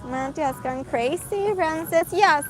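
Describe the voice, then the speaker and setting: A woman's voice: sits high, measured pace, rough recording. A woman, chatting casually and giggling as she reads out live comments while walking outdoors at night. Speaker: livestreamer. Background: music from a passing car.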